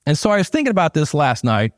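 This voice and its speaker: Midwestern man preaching, higher voice, dry sound. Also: huge pitch swings, fast talker, no room sound. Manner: casual, conversational preaching with asides. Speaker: pastor. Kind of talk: sermon.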